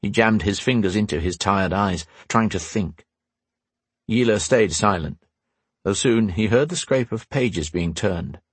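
A man reading a fantasy novel aloud in calm, even scripted narration. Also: on the low side, measured pace, husky, no room sound. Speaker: audiobook narrator.

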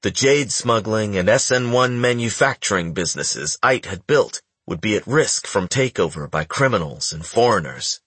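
A man reading a novel aloud as an audiobook narrator in a measured, even way. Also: fairly low pitch, breathy edge, no room sound. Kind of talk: scripted narration.

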